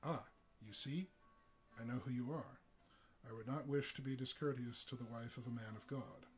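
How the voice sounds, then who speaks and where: A giant of a bandit enforcer in a storybook tale, deep and soft-spoken, as a man reading aloud voices him. He threatens with grave, polite courtesy rather than volume. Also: moderate pace, soft background music, natural voice. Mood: calm menace. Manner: politely menacing.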